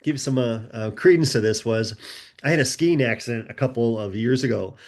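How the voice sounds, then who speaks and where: A man's voice: mid-range voice, brisk. Male podcast guest. Conversational storyteller who acts out quoted dialogue. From United States. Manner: animated, acts out quoted voices. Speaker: guest author.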